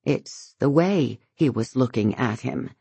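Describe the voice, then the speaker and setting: A woman reading a nervous wife in an audiobook, hesitant but insistent. Her voice is low and slow, close and dry. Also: animated, creaky, dark tone, breathy edge, no echo, exaggerated voice. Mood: uneasy. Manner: hesitant, then firm. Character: nervous wife who stands by what she saw.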